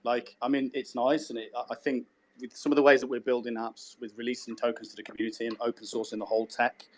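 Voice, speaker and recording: This is a man co-hosting a relaxed podcast conversation. He talks in an animated way, swears freely and restarts his phrases. His pitch sits in the ordinary middle range for a man. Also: fast talker, a little hiss or hum. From Birmingham, England. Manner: animated, swears casually, repeats words when starting a sentence. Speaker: podcast co-host. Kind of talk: casual podcast chat.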